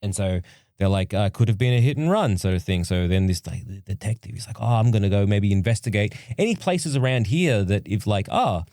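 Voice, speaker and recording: Podcast co-host, male, lively pitch, dry close mic, acts out scenes. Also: dry recording. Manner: animated, acts out characters in quick voices, swears casually. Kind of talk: casual chat recapping a film.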